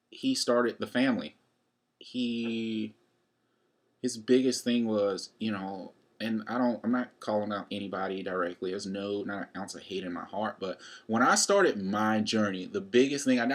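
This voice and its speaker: A young man in his twenties, chatting casually and rambling to camera in a fitness vlog. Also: lowish voice. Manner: rambling and chatty, with many fillers. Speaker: college student vlogging a fitness challenge.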